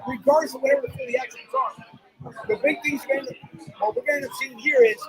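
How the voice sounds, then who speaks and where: A man's voice: extremely high pitch, big pitch swings, fast talker, rough recording. A man hosting a sports talk show, rambling and repeating himself as he talks. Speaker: host. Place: loud sports bar.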